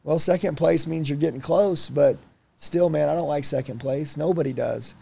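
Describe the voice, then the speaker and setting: A man in his thirties telling personal stories in a casual interview, blunt and animated, swearing freely. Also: a little high, moderate pace, creaky, husky. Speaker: guest.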